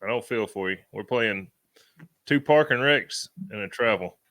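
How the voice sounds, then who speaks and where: A man, co-hosting a podcast and telling animated stories in rural slang. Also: lowish voice, normal speed, dry recording. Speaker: podcast co-host. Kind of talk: casual storytelling chat.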